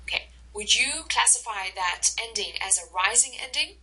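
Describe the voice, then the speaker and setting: Woman instructor, recorded slide lecture, very bright tone, husky edge, unhurried with fillers. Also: a little high, expressive, rough recording. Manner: explaining slowly, many fillers and repeated words.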